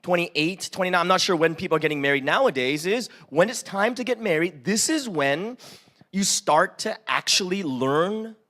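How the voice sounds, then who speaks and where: A young pastor delivers a sermon in church, his voice sitting high at a normal speed. He's animated and conversational, acting out pleading voices and asking "right?" over and over.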